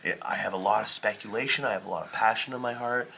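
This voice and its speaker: A man's voice: lowish voice, fast, creaky, sharp tone, slight background noise. A man co-hosting a casual podcast, rambling earnestly and swearing freely. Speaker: podcast co-host.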